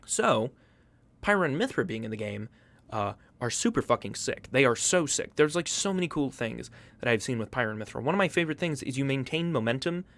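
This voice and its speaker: A man's voice: medium pitch, animated, fairly quick, vocal fry, a bit bright. A man hosting a casual commentary video, profane, joking and hyperbolic. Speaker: YouTube host.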